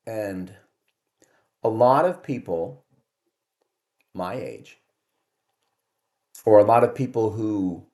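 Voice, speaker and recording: Low-voiced wry older man vlogging. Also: darkish tone. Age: 60s. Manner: chatty, wry, self-deprecating storyteller. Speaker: vlog host. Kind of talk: casual monologue to camera.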